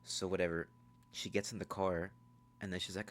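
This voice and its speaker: Male movie reviewer with a deep voice, casual and profane, rambles through a plot recap with lots of "like" and "bro". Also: little pitch movement, slight background noise. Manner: rambling, profane, fast storytelling.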